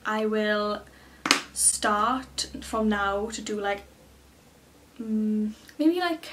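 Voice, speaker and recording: A young woman, rambling excitedly in a casual story to camera, full of fillers. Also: mid-range voice, very slow, far from the mic. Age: early 20s. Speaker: beauty vlogger.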